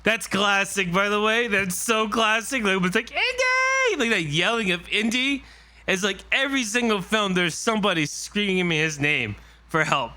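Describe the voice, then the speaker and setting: A man giving casual reaction commentary on a movie trailer, excitable and rambling as he talks. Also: high-pitched, normal speed. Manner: excitable and rambling, with many fillers and restarts.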